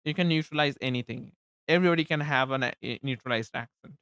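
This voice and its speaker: A man's voice: mid-range voice, fast, fairly bright tone, smooth, dry recording. Chatty Indian young man streaming. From eastern India. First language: Bengali. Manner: rambling, laughs often, stumbles and repeats words. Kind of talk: casual livestream chat.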